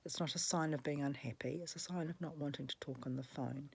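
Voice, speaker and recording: A woman's voice: low-pitched, a little fast, gravelly, breathy edge. A woman, speaking in an angry, emphatic personal monologue, swearing and repeating herself for emphasis, with a cough at times. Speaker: vlogger.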